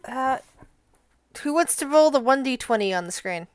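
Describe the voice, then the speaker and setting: A woman narrating as game master, calmly directing the players. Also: sits high, moderate pace, a little hiss or hum.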